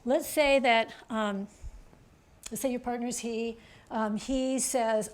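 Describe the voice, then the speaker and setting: A woman author giving a chatty, animated presentation to an audience, pointing things out on a chart and checking in with "okay?". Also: fairly high pitch, takes it slowly. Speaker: author giving a public talk.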